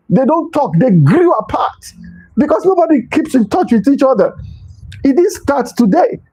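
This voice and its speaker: Man, motivational talk, emphatic repetition, high husky voice, mellow tone. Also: poor audio. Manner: emphatic, repeats key phrases. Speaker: host.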